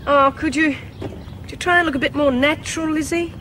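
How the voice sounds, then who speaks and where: An actress playing a kind, gentle female prison officer who speaks softly and carefully, in an old TV drama. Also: high-pitched, fairly even intonation, a little fast, slight background noise. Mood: coaxing.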